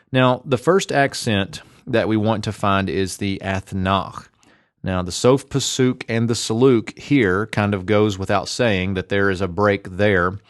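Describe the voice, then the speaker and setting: A man teaching Biblical Hebrew grammar in a measured, methodical way as host of a short lesson series. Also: fairly low pitch, dry recording, studio quality.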